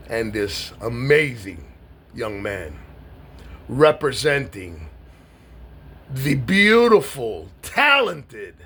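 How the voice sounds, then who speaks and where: Slow, heartfelt middle-aged man with lively pitch. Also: breathy edge. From New York. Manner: heartfelt, halting, with many pauses and repeated words. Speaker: vlogger. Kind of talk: emotional personal monologue to camera.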